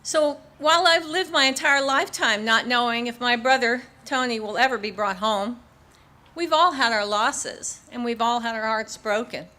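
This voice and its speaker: An older woman speaks into a podium microphone at an outdoor memorial ceremony. Her voice sits a little high and sounds bright and clear. She talks in an earnest, measured way, with small restarts, as she reads parts of her speech. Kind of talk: public speech partly read from her book. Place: outdoor civic ceremony in a park.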